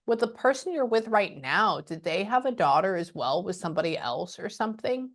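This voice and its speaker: A middle-aged woman working as a spiritual medium, giving a casual reading on a video call, animated and chatty, acting out what she hears and dropping to murmurs. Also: mid-range voice, fairly quick. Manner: animated, acts out spirit dialogue, drops to murmurs; swearing, chatty, laughs often.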